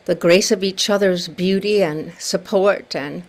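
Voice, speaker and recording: A woman minister leading a service on a video call, speaking gently and prayerfully. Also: fairly low pitch, a little slow. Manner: gentle, prayerful, warm-hearted.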